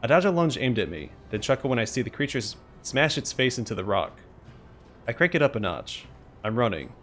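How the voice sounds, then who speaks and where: A man's voice: medium pitch, very animated, fairly quick, fairly bright tone, faint music behind. A man hosting a let's play, expressively reading the game's story text aloud.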